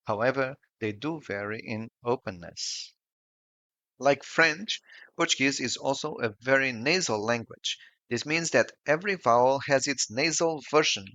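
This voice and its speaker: A man narrating a scripted language lesson in a slow, careful, explanatory way. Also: mid-range voice, pushed and bright, dry recording, lo-fi sound. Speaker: language teacher.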